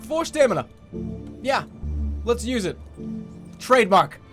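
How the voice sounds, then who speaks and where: Excitable, swearing man streaming a game. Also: extremely high pitch, unhurried, soft background music. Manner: excitable, swears, boastful self-mockery. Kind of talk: live gameplay commentary, reading game text aloud.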